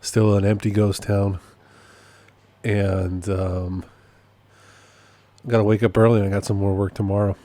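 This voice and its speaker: Rambling, self-amused man, low mellow voice. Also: level tone, a little slow, pauses often, no room sound. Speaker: podcast host and process server. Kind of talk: casual solo podcast update.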